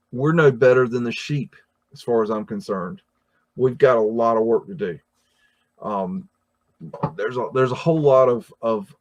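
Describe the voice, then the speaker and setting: The audio is dull as an American man with a mid-range, somewhat mellow voice reads chat on a laid-back livestream. He meanders, with frequent fillers and restarts.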